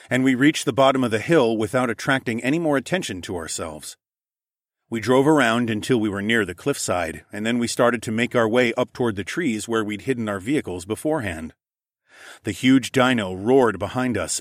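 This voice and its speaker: A man narrating a first-person audiobook story in a steady, even storytelling manner. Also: mid-range voice, moderate pace, no room sound, clean studio sound.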